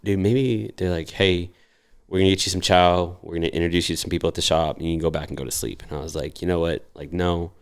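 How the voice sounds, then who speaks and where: A man's voice: sits low, steady tone, fast talker. A young man in his twenties telling casual, profane stories and acting out the voices of the people in them. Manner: profane, acts out quoted voices animatedly. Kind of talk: casual storytelling.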